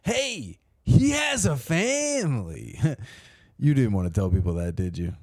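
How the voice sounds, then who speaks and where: A man's voice: mid-range voice, sing-song, measured pace, darkish tone, no room sound, studio quality. A young man who co-hosts a casual comedy podcast, joking around, giggling and saying "dude" often.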